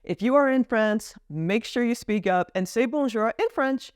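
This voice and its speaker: A woman's voice: fairly high pitch, expressive, moderate pace, smooth, no echo. Woman, casual explainer, chatty, dry recording. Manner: chatty, acts out short example lines. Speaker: vlogger explaining French etiquette.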